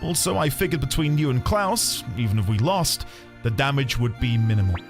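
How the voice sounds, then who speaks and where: A man voicing a shrewd, calm male army strategist while reading game dialogue aloud, in a measured, matter-of-fact way. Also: medium pitch, music in the background, close to an everyday voice. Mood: calculating.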